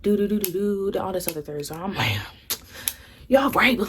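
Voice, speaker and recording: A woman's voice: mid-range voice, animated, fairly quick, long pauses, a little hiss or hum. A young woman vlogger telling a candid storytime, swearing freely and acting out what her friends said. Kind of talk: casual storytime.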